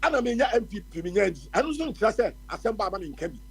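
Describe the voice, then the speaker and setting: A man's voice: high-pitched, big pitch swings, quick pace, a bit bright, husky, poor audio. A man with a Ghanaian accent giving impassioned political commentary on the radio, switching between Twi and English. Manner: impassioned, ranting. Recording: radio phone-in stream.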